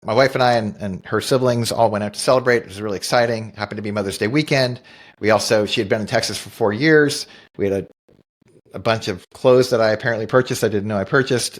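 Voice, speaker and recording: A middle-aged man co-hosting a podcast, telling a personal story in an earnest, reflective way and often restarting his sentences. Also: lowish voice. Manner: earnest, thoughtful, with frequent restarts. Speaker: podcast co-host. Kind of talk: reflective storytelling in casual conversation.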